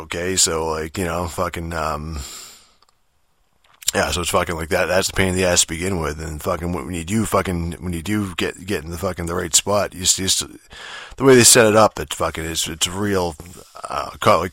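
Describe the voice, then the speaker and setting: A man's voice: low-pitched, pushed and bright, dry recording. A man in a rambling casual rant about a game, swearing constantly and filling every gap with fillers. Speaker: game reviewer.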